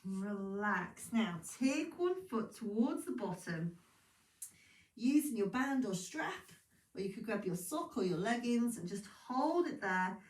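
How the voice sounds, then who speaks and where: A woman leading a pilates class, calm and encouraging, sounding sleepy. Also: medium pitch, unhurried, far from the mic. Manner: calm, encouraging, chatty asides. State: sleepy, yawning. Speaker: pilates instructor. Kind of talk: guided exercise class instructions. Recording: echoey room, voice from off-mic.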